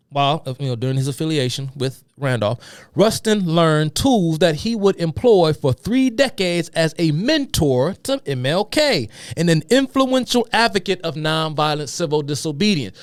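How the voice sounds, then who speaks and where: A man's voice: on the high side, dry recording. Heated man ranting, dry close mic. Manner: heated, profane, reads quotes then rants. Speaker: commentary host. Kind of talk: solo political commentary.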